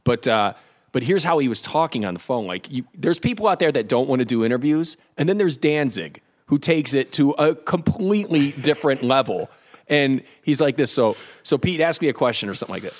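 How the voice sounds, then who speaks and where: A man co-hosting a podcast, telling stories with animated energy and free swearing. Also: mid-range voice, fairly quick. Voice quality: animated storyteller, swears freely. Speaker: podcast host. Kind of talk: casual chat.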